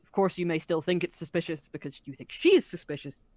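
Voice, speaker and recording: Woman, game master, hesitant, lowish, dry sound. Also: lively intonation, fast talker, darkish tone, dry recording. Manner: hesitant, many ums. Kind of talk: narrating a tabletop game.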